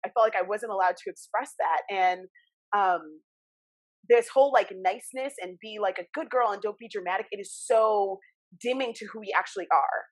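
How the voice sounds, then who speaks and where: A woman hosting a podcast, chatting casually and acting out stories with lively, expressive delivery. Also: mid-range voice, moderate pace. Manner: animated storyteller, acts out childhood voices. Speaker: podcast host. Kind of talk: casual conversation.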